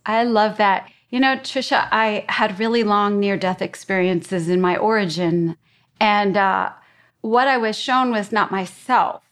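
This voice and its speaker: A woman hosting an interview, recounting a personal experience in a measured way. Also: medium pitch, steady tone, a bit bright. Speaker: interview host. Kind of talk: conversational interview.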